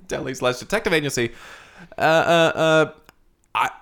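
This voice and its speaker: A man with a mid-range voice trades jokes in a relaxed podcast conversation about a film. He often echoes the other hosts' words and laughs between remarks. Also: a little high, a little slow, gravelly. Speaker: podcast co-host. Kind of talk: casual chat.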